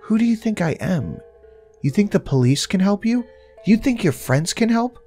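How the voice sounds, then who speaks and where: A man's voice: high-pitched, very animated, normal speed, dark tone, soft background music, pitched above the performer's own voice. A man voicing an eerie woman who talks in a childlike voice, mocking and menacing.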